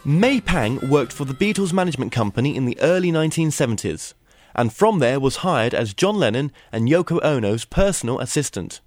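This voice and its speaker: A man's voice: mid-range voice, lively intonation, a little fast, darkish tone, dry recording, faint music behind. A man hosting an interview show, introducing his guest and asking questions in a friendly conversational way. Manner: friendly conversational, some fillers and restarts. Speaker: radio show host.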